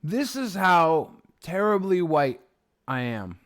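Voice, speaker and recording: A man's voice: a little high, sing-song, slow pace, fairly bright tone. A man hosting a livestream, chatting casually with his viewers in a rambling, profane, sarcastic way. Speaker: livestream host. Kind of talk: casual livestream chat reading viewer comments.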